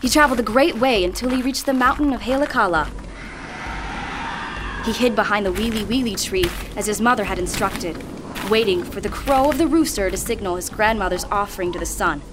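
A woman reading a legend aloud in a measured, expressive way. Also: medium pitch, background noise. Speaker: storyteller. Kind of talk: read-aloud legend narration. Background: music.

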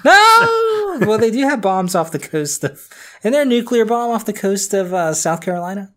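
A man's voice: high voice, expressive, brisk, darkish tone. A man co-hosting a podcast, chatting in a loose, joking way and laughing often. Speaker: podcast co-host. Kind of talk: casual chat.

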